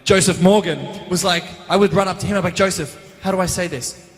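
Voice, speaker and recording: A man, answering fan questions as a guest actor on a convention panel, chatty and animated, recorded on a handheld mic in a large hall. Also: high voice, quick pace, hardly any pauses. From Australia. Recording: reverberant hall.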